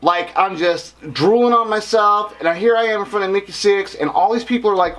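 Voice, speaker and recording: A man's voice: high-pitched, brisk, hardly any pauses. A man in a band telling a story in casual chat, swearing often and acting out the voices of the people in it. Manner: animated, swears a lot, acts out voices in his stories. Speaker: band member, podcast co-host.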